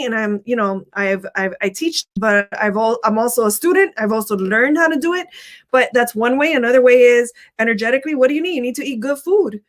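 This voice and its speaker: Casting note: middle-aged woman, motivational co-host, a touch high, energetic and repetitive. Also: fairly quick. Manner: energetic, repeats herself. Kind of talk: motivational talk.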